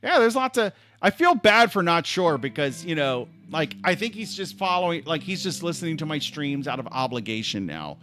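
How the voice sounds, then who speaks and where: A man's voice: on the high side, very animated, normal speed, few pauses, sharp tone. A man hosting a livestream, telling a story in a casual, chatty way with lots of filler words and the odd swear. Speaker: livestream host.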